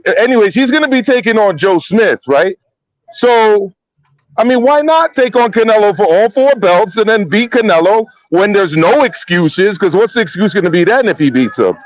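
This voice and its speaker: A man's voice: high voice, animated, normal speed, no room sound. Man on a dull, dry remote call. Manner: repeats words, blunt and direct. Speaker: guest analyst. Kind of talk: casual chat.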